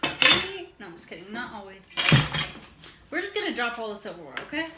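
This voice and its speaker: A woman's voice: a little high, big pitch swings, moderate pace. Giggly young woman at an echoey table. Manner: giggly, joking. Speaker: mukbang co-host. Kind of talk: casual chat while eating. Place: home dining table indoors. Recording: echoey room, noisy background.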